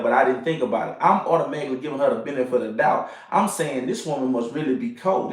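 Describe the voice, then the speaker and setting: Animated man telling a story, echoey. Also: on the high side, recorded from a distance. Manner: animated, repeats phrases, says "you know what I'm saying". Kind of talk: casual storytelling. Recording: echoey room, off-mic.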